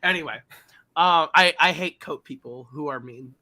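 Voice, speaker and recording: A man's voice: fairly high pitch, moderate pace, bright, forceful tone. A man hosting a podcast, recapping a film in a casual, rambling and profane way, with lots of ums and uhs. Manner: rambling and profane, heavy fillers. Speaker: podcast host.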